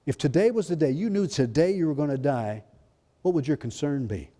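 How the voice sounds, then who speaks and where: A male pastor preaching a fervent sermon, swinging between loud exclamations and hushed, intimate lines. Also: on the high side, animated, fairly quick. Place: church sanctuary. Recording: long hall reverb in a church.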